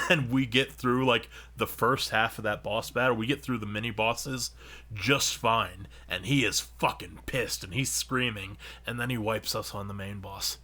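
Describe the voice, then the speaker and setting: A man co-hosting a podcast, casually telling a long, profane gaming story that grows animated as he retells it. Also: on the low side, unhurried. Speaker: podcast co-host. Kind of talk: casual chat.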